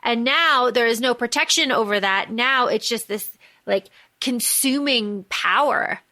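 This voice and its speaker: A woman co-hosts a casual book podcast, recapping the story with animated energy and frequent swearing. Her voice sits a little high and carries a bright, forceful edge. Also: measured pace. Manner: animated, swears freely, recaps plot excitedly. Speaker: podcast co-host.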